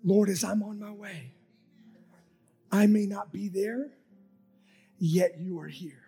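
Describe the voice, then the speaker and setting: A man preaching a sermon and leading a prayer, fervent and rhythmic, repeating phrases and swinging from soft whispers to shouts. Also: sits high, fairly even intonation, takes it slowly, gravelly, breathy edge, soft background music.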